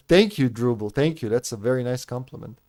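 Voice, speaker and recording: A man in his thirties whose first language is not English chats candidly with his live audience while streaming a game. His voice sits at an ordinary, middling pitch, and he speaks to his viewers directly by name. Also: warm tone. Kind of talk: casual chat with live viewers.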